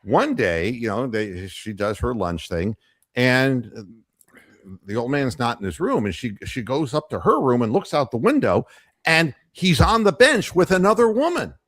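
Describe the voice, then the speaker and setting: A man hosting a casual postgame radio show, telling off-color jokes in a rambling, halting way full of fillers. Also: medium pitch, sing-song, fairly bright tone, no room sound, studio quality.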